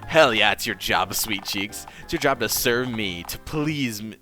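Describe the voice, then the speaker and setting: A man's voice: fairly low pitch, lively intonation, unhurried, pushed and bright, faint music behind. A man voicing a crude, bossy male mugger who calls a hotline in a game. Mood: sleazy. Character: sleazy brash male mugger caller.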